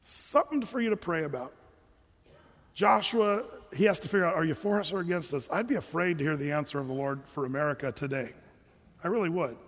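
His voice is on the high side and fairly quick, trailing a long reverb. The man delivers a sermon in an animated, chatty way, putting on mock voices to echo his listeners.

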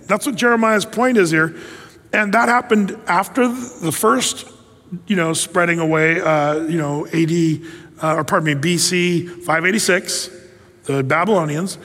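A man giving a sermon-style Bible teaching, conversational and animated, often acting out quoted voices. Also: a little high, long reverb tail.

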